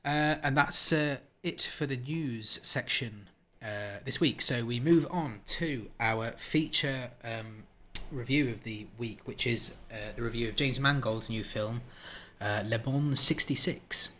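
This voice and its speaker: A man hosting a casual film podcast, jokey and chatty, with many pauses and uhs. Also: medium pitch, pushed and bright, slight background noise. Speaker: podcast host.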